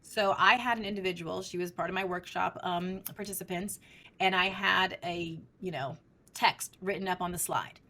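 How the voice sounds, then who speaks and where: A woman's voice: lowish voice, fairly even intonation, normal speed, sharp tone. A middle-aged woman researcher, a guest in an interview, explaining her field in an emphatic, teacherly way. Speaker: speech language researcher, guest.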